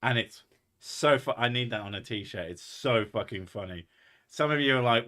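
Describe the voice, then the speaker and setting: A man's voice: mid-range voice, moderate pace, sharp tone. A man with an English accent, a mix of posh and Essex, joking and swearing in casual stream chat. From England.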